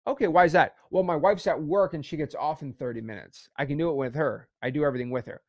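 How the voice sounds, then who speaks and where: A man role-playing a hesitant male home seller in a sales dialogue, speaking in a halting way. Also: on the high side, highs cut off.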